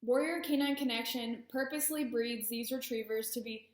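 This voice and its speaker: Higher-voiced woman dog-training instructor, roomy sound. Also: fairly even intonation, normal speed, hardly any pauses. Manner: friendly, self-deprecating asides. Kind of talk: instructional talk.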